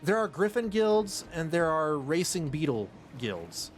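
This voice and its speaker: A man's voice: fairly high pitch, big pitch swings, measured pace, faint music behind. A man streaming a game, chatting and joking casually, often exclaiming in surprise. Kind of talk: casual live-stream commentary.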